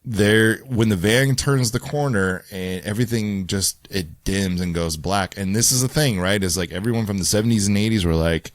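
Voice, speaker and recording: A man co-hosting a podcast, chatting about a film in a relaxed, reflective way with some hesitations. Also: fairly low pitch, normal speed, hardly any pauses, no echo. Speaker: podcast co-host. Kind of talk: casual film discussion.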